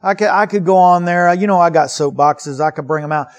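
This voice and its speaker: A man with a fairly high, bright-sounding voice preaches to his congregation. He is earnest and emphatic, leaning on rhetorical questions and repeating key words to drive each point home. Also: a little fast. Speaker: pastor. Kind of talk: sermon.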